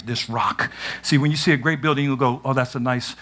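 A man preaching a sermon in a church, animated, acting out scenes and shouting at the peaks. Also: mid-range voice, quick pace. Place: church sanctuary.

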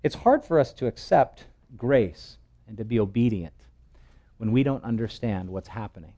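A male pastor preaching an expository sermon, telling the scripture story in a lively way and acting out its voices. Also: on the low side, normal speed.

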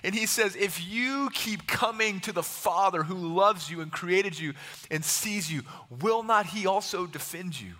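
Male preacher, high bright voice, impassioned and repetitive, long hall reverb. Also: unhurried. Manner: impassioned, repetitive, acts out the voices of Bible figures. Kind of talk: sermon.

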